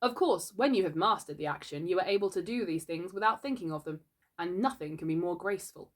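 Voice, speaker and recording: A woman reading a classic children's book aloud in a gentle, unhurried storytelling voice. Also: lowish voice, lively intonation.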